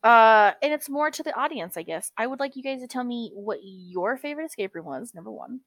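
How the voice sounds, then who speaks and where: A woman's voice: a little high, animated, a little fast, a bit bright, no room sound. A woman co-hosting a podcast in casual chat, talkative and profane, calling everyone girl. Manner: chatty, swears freely, calls everyone girl. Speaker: podcast co-host.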